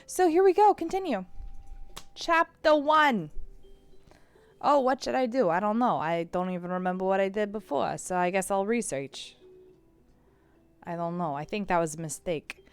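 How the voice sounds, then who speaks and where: A slightly hoarse woman streamer chatting casually and self-mockingly as she plays a game. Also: medium pitch, lively intonation, a little fast, a little mellow. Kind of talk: casual live-stream chat.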